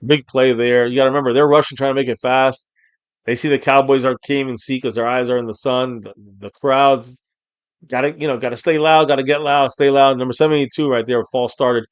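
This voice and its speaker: A man hosting a live game reaction stream, calling plays, reading viewer comments aloud, and erupting into shouts on big plays. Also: mid-range voice, fairly even intonation, a little fast, smooth, no echo.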